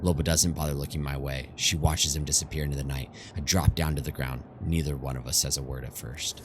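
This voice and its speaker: A man, an amateur reader, narrating a game story in an audiobook-style read-through, calm and low. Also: brisk, hardly any pauses, noisy background.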